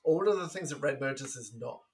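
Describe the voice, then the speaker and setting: A man co-hosting a movie podcast, blunt and animated in casual chat. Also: medium pitch, crowd noise. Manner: blunt and animated, quick to react. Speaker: podcast co-host.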